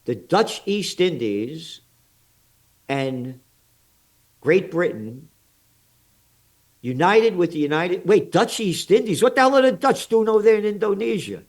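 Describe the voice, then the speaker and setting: A man's voice: high-pitched, lively intonation, unhurried, long pauses. An older American man with an American accent, a trends forecaster giving blunt, sarcastic, indignant commentary in an interview, full of rhetorical questions.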